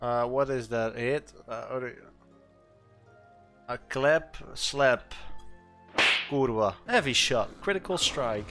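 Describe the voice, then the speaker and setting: A man streaming a game, talking in a casual, excitable way, swearing often and yelping at what happens on screen. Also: medium pitch, slow pace, long pauses, faint music behind. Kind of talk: casual gameplay commentary.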